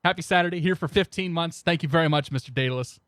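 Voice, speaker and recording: A man's voice: a little high, fast talker, fairly bright tone, no room sound, studio quality. A young man streaming a flight sim, rambling casually and greeting his chat by name into a desk microphone. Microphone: new desk microphone.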